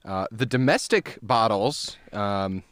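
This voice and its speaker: A man co-hosting a casual podcast chat, relaxed, reading facts aloud in a conversational way. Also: lowish voice, takes it slowly, dry recording, clean studio sound. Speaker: podcast co-host.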